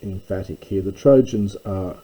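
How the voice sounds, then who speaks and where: A man teaching a text line by line, slow and careful, with frequent ums and uhs. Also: sits low, dark tone, low-quality recording. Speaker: Greek tutor. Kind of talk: line-by-line lecture.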